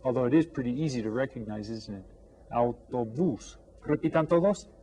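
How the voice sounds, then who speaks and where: A man teaching an elementary language lesson, drawing out each new word slowly and coaxing the class with friendly questions. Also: mid-range voice, mellow, a little hiss or hum. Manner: slow, drawn-out repetition of vocabulary for students. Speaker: Spanish teacher.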